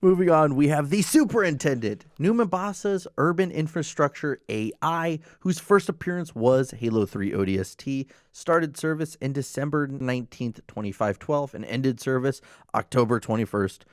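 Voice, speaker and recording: A man's voice: medium pitch, lively intonation, moderate pace, few pauses, no echo, studio quality. Man co-hosting a casual gaming podcast. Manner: reads out lore entries, then comments. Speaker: podcast co-host.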